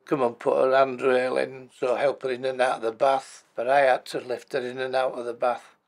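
A man's voice: mid-range voice, level tone, normal speed. A man, telling his life story as a bereaved husband and former carer in a plain-spoken, matter-of-fact way. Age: 80s. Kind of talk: personal life story told for a documentary.

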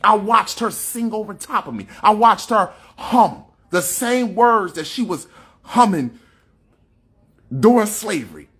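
Raspy, fervent man preaching on a livestream. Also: high voice, animated, unhurried, a bit bright. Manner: fervent, preachy, repetitive, with frequent profanity. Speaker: livestream host. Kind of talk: impassioned spiritual monologue on a livestream.

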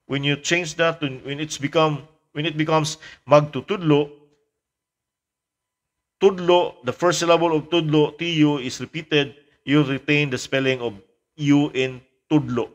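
A man teaching a language lesson in a casual lecture style, pausing with fillers and repeating example words. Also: a little high.

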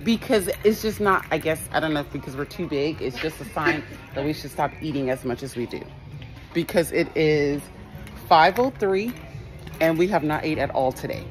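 A woman's voice: low voice, animated, moderate pace, over music. A young woman from California talking casually to her vlog viewers, telling stories and acting out what people said. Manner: chatty storytelling, acts out quoted people. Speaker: vlogger. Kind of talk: casual vlog talk to camera.

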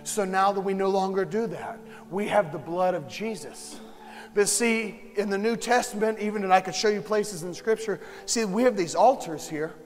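High-voiced impassioned preacher in a reverberant church. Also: male voice, normal speed. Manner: impassioned, swings from hushed to shouting. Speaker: pastor. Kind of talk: sermon. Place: church sanctuary. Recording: long hall reverb, faint music.

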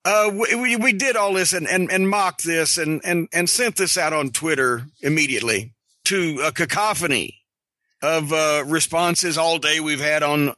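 A middle-aged man hosting a podcast, telling a story in an animated, profane, sarcastic way. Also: a little high, normal speed, no room sound. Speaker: podcast host.

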